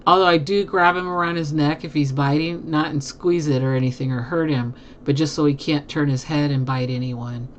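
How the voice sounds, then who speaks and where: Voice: medium pitch, steady tone, a little fast, hardly any pauses, highs cut off, slight background noise. A live streamer chatting casually with viewers from a home desk, laughing often.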